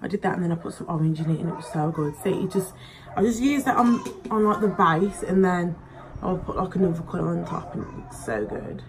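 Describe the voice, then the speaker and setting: A woman's voice: lowish voice, animated, brisk, background noise. A young woman chats casually while doing her makeup at home, rambling with plenty of likes and ums. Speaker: beauty vlogger.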